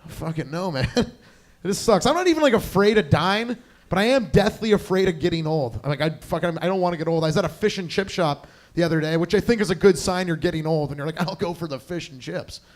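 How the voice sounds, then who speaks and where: A man's voice: sits high, lively intonation, quick pace. A young man doing a crude, rambling stand-up set, chatting with the crowd on a club stage. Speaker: stand-up comedian.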